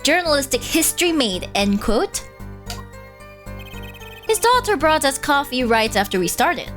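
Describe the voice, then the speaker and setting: A woman's voice: measured pace, soft background music, full character voice. A woman voicing a brash, attention-seeking male tabloid journalist while reading game dialogue aloud, tagging his boasts with "end quote". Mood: boastful. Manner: excitable, jumping pitch.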